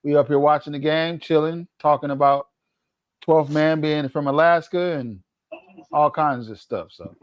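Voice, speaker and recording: A man co-hosting a casual livestream chat, talking in a loose, slangy way with drawn-out asides. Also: fairly high pitch, dry recording, low-quality recording. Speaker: co-host.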